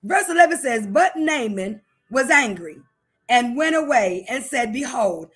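A middle-aged woman preaching a sermon, chatty and lively, laughing often and swinging from loud to hushed. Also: on the high side, a little slow, slightly rough. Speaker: minister.

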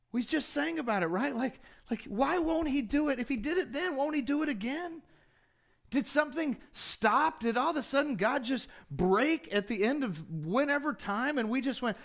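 A man's voice: very high voice, lively intonation, unhurried, a bit bright. A male pastor preaching a sermon in a conversational way, with rhetorical questions and humorous asides.

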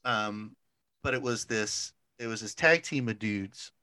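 A man's voice: on the low side, measured pace, pushed and bright, clean tone, dry recording. Rambling storytelling man, dry close sound. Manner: rambling storyteller, many "like" fillers, laughs often. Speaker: podcast co-host. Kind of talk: casual chat.

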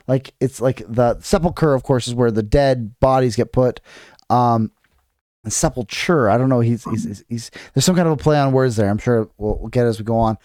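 Speaking a little fast in a mid-range, darkish voice, this podcast co-host chats through a novel recap, stopping to read passages aloud. He restarts a lot and uses many fillers, and the studio recording is clean with no room sound.

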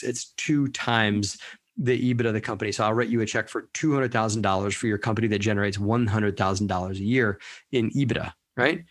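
A man's voice: lowish voice, dry recording. A man with a Southern US accent co-hosts a podcast in casual, jokey chat. He restarts and repeats words as he explains. The mic sound is close and dry. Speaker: podcast co-host.

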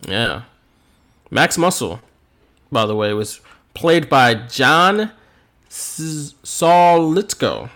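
A man co-hosting a podcast, recapping a wrestling event in an animated storytelling way with frequent laughs. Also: medium pitch, very slow, long pauses. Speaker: podcast co-host.

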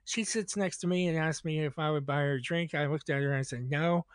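A man's voice: a little high, a little fast, smooth, no echo, clean studio sound. A man casually telling a long anecdote on a podcast, acting out both sides of the dialogue. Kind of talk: casual storytelling.

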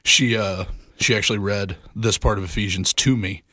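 A man's voice: fairly low pitch, fairly even intonation, normal speed, bright, forceful tone, dry recording, studio quality. A young man co-hosting a faith podcast, telling personal stories in an earnest, self-deprecating way. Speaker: podcast co-host. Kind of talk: casual faith podcast chat.

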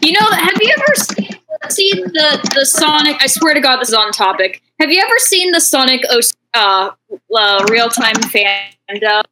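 A woman playing in an online tabletop game, talking in an excitable, rambling way with the odd swear word. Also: high-pitched, moderate pace. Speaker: tabletop role-play player. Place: online voice call. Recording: noisy voice call with keyboard typing.

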